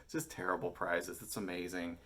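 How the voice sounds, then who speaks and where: American man in his thirties, deep voice, rambling enthusiastic vlogger who curses a lot. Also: steady tone, a little fast, bright, forceful tone. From United States. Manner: enthusiastic, rambling, swears often. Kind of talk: casual chat to camera.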